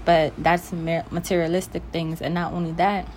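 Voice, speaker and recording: A woman's voice: on the low side, little pitch movement, normal speed, darkish tone, slight background noise. A young woman ranting bluntly and emphatically to the camera in a casual vlog. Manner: blunt, emphatic, talks straight to the listener. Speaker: vlogger.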